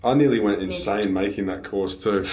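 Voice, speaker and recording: A man's voice: on the low side, darkish tone, roomy sound, recorded from a distance. A young man hosting a casual chat with fellow cleaners, candid and self-deprecating, with casual swearing. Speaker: podcast host.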